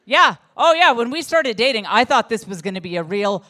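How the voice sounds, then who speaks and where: A middle-aged woman performing a stand-up comedy set, telling self-deprecating stories with animated delivery. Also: fairly high pitch, brisk.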